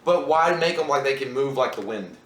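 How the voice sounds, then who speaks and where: A man reviewing a horror movie in casual chat, profane and animated, often acting out characters' lines. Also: medium pitch, a little fast. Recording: echoey room, mic at a distance.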